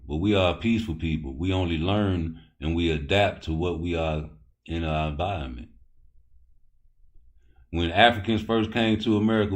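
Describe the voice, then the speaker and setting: A man hosting a live boxing talk stream, rambling loosely and cursing as he answers his chat. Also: a bass voice. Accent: Baltimore. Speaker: boxing talk show host.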